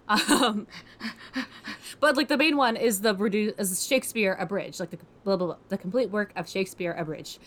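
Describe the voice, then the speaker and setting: A woman's voice: mid-range voice, normal speed, a bit bright. A young woman co-hosting a podcast, chatting casually in a rambling way full of fillers and self-deprecating asides. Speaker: podcast co-host.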